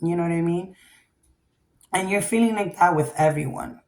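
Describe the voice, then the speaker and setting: A woman with a fairly low voice runs a casual tarot reading in a blunt, foul-mouthed way, tagging "okay?" onto her points. The recording is roomy and echoey. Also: moderate pace, darkish tone. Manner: blunt, profane, keeps asking "okay?". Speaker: tarot reader. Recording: echoey room.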